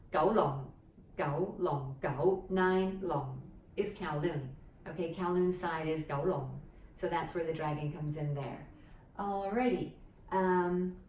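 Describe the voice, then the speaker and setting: A woman's voice: lowish voice, darkish tone, slight background noise. A woman teaching a language lesson at a board in a casual, chatty way, often checking in with "okay?". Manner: chatty, explaining step by step with frequent "okay?" checks. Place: indoor room with a board. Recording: echoey room, mic at a distance.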